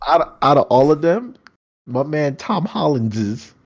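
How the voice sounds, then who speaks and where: A man co-hosting a casual pop culture show, laid back, laughing along and tossing in quick quips. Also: on the high side, very animated, highs cut off. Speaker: co-host. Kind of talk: casual chat.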